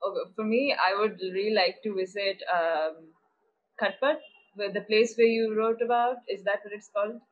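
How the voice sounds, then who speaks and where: A woman's voice: medium pitch, fairly even intonation, normal speed, phone-quality sound. A woman chatting casually as a workshop participant on a video call, friendly and a little hesitant.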